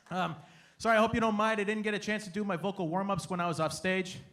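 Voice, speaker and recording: A young comedian from Canada with a strikingly high voice works a live crowd on stage. He is animated and playful, slipping into quick impressions of his family. A faint hum of room noise sits under his voice. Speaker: stand-up comedian. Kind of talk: stand-up comedy set.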